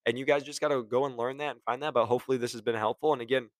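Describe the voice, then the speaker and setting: A man's voice: medium pitch, fairly even intonation, rapid-fire, no echo. A young man who works in medical device sales, talking casually and with passion as he gives career advice and acts out his phone calls. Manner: admits he gets passionate and curses.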